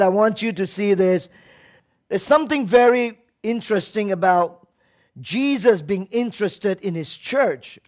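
A man with a high voice preaching a sermon. He swings between loud, emphatic bursts and low, quiet asides, and acts out the voices in the stories he tells. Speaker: pastor.

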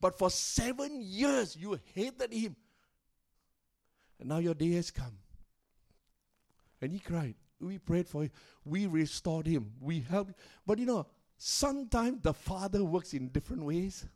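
High-voiced pastor preaching dramatically. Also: male voice, animated, unhurried. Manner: dramatic storytelling with rising and falling loudness and pace; calls out to the congregation for response. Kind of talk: sermon storytelling. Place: church service.

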